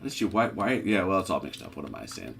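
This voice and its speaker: Low-voiced man calling out dice rolls. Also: huge pitch swings, quick pace, creaky, a bit bright, slight background noise. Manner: calls dice rolls and results aloud. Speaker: game referee. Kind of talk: casual tabletop game chat.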